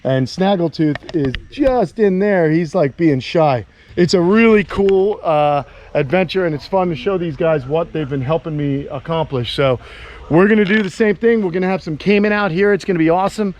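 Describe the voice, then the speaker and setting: A man's voice: on the high side, moderate pace, darkish tone, lo-fi sound. An enthusiastic man chatting casually in an outdoor vlog while walking around his animal camp. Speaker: animal keeper and vlogger.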